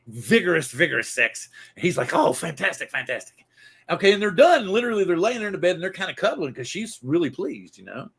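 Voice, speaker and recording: Gravelly, husky man telling a joke. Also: a little high, sharp tone. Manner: rambling, embellished storytelling with restarts. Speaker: podcast host.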